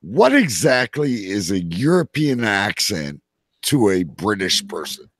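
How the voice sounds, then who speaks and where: A man's voice: lowish voice, huge pitch swings, unhurried, fairly bright tone, no room sound. A man from Canada co-hosting a casual podcast chat, teasing and swearing freely. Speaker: podcast co-host.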